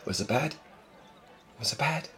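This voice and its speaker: With a mid-range, animated voice, a young man unhurriedly acts out a soft-spoken boyfriend role-play. He talks to the listener gently and affectionately, teases a little, and sometimes slips into breathy murmuring.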